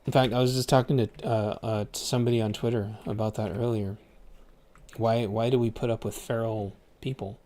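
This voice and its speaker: A man's voice: on the low side, fairly even intonation, fairly quick, dark tone. Rambling, foul-mouthed man ranting. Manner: rambling, profane, repeats words. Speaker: streamer. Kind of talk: casual rant.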